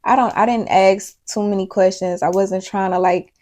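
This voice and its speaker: A woman's voice: mid-range voice, steady tone, normal speed, a little mellow. A woman telling a storytime video, rambling and emphatic, swearing often, talking straight to her viewers and sounding worked up and worried. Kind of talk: casual storytime monologue.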